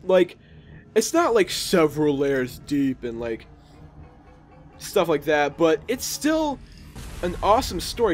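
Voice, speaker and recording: A young man talks through a video game in a loose, chatty way, cracking jokes and reacting on the spot. His slightly high voice swings up and down a lot. Soft game music plays under him. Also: sing-song, takes it slowly, long pauses. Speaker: gaming video host. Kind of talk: casual let's play commentary.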